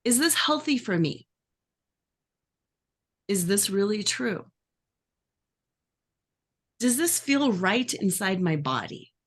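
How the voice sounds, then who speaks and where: A life coach teaching a workshop, lively and acting out the voices she describes. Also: mid-range voice, slow, pauses often. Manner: animated, acts out inner voices.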